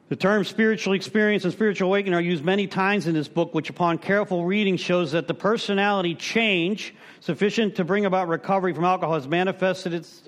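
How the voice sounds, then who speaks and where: A man with a notably high voice talks to a recovery group in a meeting room. He reads from the book, then drifts into casual asides and lively stories, tossing "right?" back at his listeners again and again. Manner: conversational, asks the room for agreement; animated storytelling. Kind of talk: informal talk reading and commenting on a recovery text.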